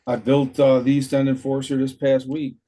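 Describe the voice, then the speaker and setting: A man's voice: medium pitch, completely flat delivery, normal speed, mellow, a little hiss or hum. A man co-hosting a casual livestream, chiming in with playful, teasing remarks. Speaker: co-host. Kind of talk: casual chat.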